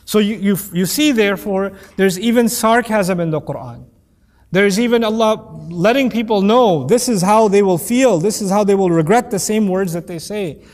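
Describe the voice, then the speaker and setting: A man's voice: high-pitched, normal speed, a little mellow. A man giving a conversational Quran commentary lesson, joking and acting out quoted voices. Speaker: Quran teacher. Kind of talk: lecture-style Quran commentary. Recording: long hall reverb.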